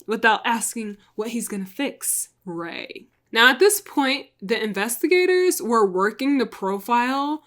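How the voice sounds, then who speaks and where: A woman's voice: on the high side, expressive, unhurried, hardly any pauses, a bit bright. A chatty woman casually retelling a crime story, full of "like" and asides to viewers. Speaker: storytelling vlogger.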